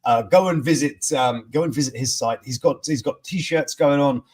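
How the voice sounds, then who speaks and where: A man's voice: medium pitch, normal speed, a little mellow. A man hosting a casual news stream, rambling with many fillers and restarts. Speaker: host. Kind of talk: casual live-stream chat.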